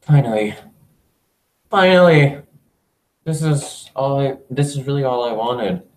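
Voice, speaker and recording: A man's voice: medium pitch, moderate pace, mellow, natural voice. A man reading an obsessive lovesick young woman. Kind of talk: reading game dialogue aloud. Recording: echoey room.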